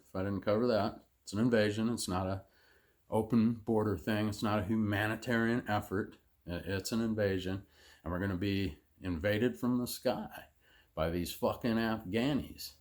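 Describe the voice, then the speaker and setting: A man delivering an angry, sarcastic, profanity-heavy rant as a vlogger. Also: fairly low pitch. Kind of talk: profane political rant to camera.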